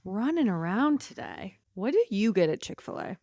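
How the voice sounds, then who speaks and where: A woman's voice: mid-range voice, big pitch swings, normal speed, dark tone, no echo. Playful woman co-hosting a chatty podcast. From US South. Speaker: podcast co-host. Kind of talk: casual chat.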